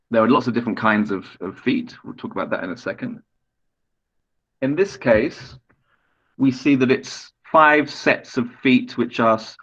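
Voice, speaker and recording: A man gives a patient online poetry lecture, explaining things step by step and putting questions to his students. His voice sits at a medium pitch. The video-call audio comes through slightly dull. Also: fairly bright tone.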